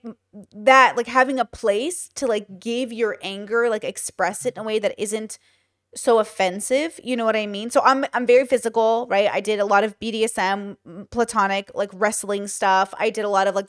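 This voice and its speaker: A woman in her thirties hosting a podcast, telling stories in casual chat and acting out what people said, with lots of fillers. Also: medium pitch. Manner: chatty storytelling, acts out quoted lines, many fillers. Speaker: podcast host.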